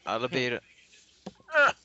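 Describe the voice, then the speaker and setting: A man's voice: medium pitch, huge pitch swings, slow, bright, forceful tone, slight background noise. A man chatting casually with friends while they watch a movie, joking loosely and filling his talk with "like". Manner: loose, joking, filler-heavy. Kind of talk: casual chat with laughs. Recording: dull lo-fi home recording.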